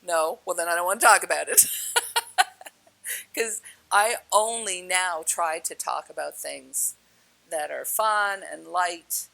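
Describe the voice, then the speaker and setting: A woman telling personal stories in a casual, animated way, laughing often and acting out the dialogue. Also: fairly low pitch, slow, creaky, pauses often, poor audio. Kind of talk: casual spoken storytelling.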